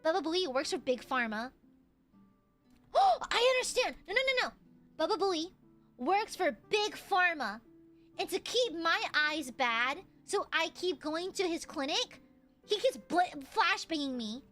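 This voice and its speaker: A woman streamer chatting casually with her audience, excitable and profane, often shouting and laughing. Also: very high voice, a little slow, soft background music. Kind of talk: casual live-stream chat.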